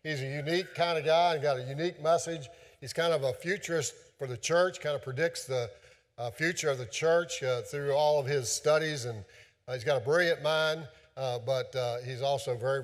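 A man's voice: medium pitch, normal speed, big-room sound. A man preaching a sermon as a pastor, folksy and loose, with many fillers and restarts.

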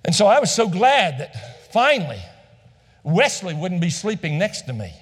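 A male pastor preaching and telling a story from the pulpit, his fairly high voice swinging up and down as he acts out each exchange. He repeats phrases for effect, and his words ring out with the long reverb of a large hall. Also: big pitch swings, normal speed, breathy edge. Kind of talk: storytelling sermon.

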